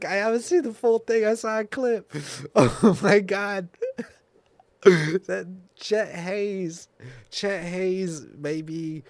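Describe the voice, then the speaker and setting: A young man riffs alone on his podcast in a loose, unscripted ramble. He swears freely, laughs often and restarts his sentences as he chases one tangent after another. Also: medium pitch. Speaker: podcast host. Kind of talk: casual solo podcast rant.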